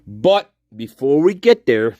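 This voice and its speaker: A man hosts a livestream with an angry, profane, repetitive delivery. His voice sits at an ordinary male pitch, picked up dry and close on a phone. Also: very animated, takes it slowly, warm tone, no echo, highs cut off. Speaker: livestream host. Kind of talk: livestream rant.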